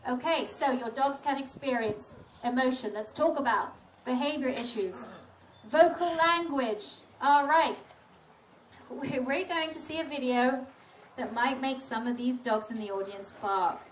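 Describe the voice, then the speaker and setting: A woman's voice: sits high, moderate pace. A woman dog trainer lecturing an audience in a chatty, direct and emphatic way. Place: large event venue. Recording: roomy, distant, dull audio with faint noise.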